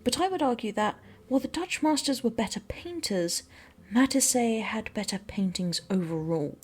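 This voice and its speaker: A pompous, wordy art-teacher dad from a dating game lectures at length, as a woman reading the game puts him on. The voice sits a touch high but stays close to a plain speaking voice. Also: expressive, moderate pace, darkish tone, slightly rough. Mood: lecturing.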